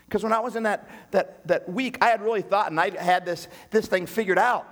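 A man's voice: sits high, fairly quick, hardly any pauses. Preacher man in a reverberant hall. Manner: animated, swings from hushed quoted voice to raised pleading. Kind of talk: sermon storytelling.

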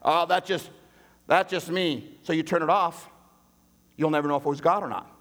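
A man preaching from the pulpit, telling his story with animated swings between hushed, slow quoted lines and raised pleading. His voice sits fairly high for a man. The sound carries a long reverb, as in a large hall. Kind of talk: sermon storytelling.

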